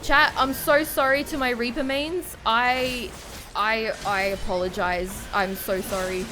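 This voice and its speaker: A woman's voice: fairly high pitch, fairly even intonation, a little slow, background noise. A tipsy woman streaming a game, cursing, muttering to herself and chat, now and then breaking into panicked shrieks. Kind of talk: live gameplay commentary. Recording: game music clearly under the voice. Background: game music.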